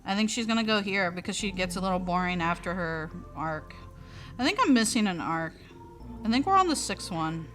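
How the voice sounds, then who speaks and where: A young adult woman hosting a casual stream, talking in an animated, exasperated way with a lot of swearing. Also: on the low side, a little fast. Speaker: streamer host. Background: faint music.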